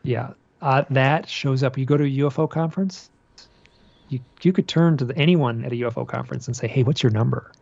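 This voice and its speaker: Gravelly-voiced male guest, husky, dry and slightly dull remote audio, a rambling storyteller. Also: medium pitch, a little fast, no room sound. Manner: rambling, animated storyteller with many restarts. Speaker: guest author and researcher. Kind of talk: casual storytelling interview.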